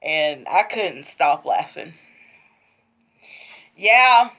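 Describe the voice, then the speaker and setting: A woman's voice: fairly low pitch, lively intonation, drawn-out words, pushed and bright. A woman who runs a sewing vlog, telling a story in a rambling, repetitive way and laughing throughout. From Texas. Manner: rambling, repeats herself. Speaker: sewing vlogger. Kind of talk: casual storytelling.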